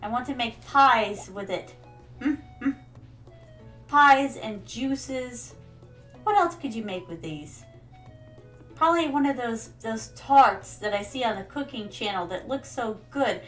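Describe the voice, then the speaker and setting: A woman's voice: fairly high pitch, animated, unhurried, a bit bright, faint music behind. A young woman streamer chatting playfully while playing a game, calling viewers her darlings. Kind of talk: casual gameplay commentary.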